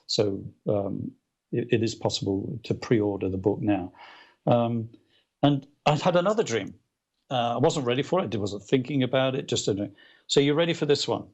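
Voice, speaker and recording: This guest is a male author sharing animated stories in a relaxed interview, his mid-range voice husky and moderately paced. His speech is full of restarts and fillers.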